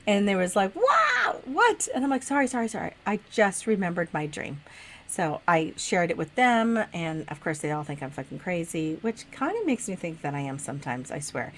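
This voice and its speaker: A middle-aged woman co-hosting a podcast, chatting casually and telling a story with lively laughs and swearing. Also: fairly low pitch, normal speed, slight background noise. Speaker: podcast co-host. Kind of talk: casual chat.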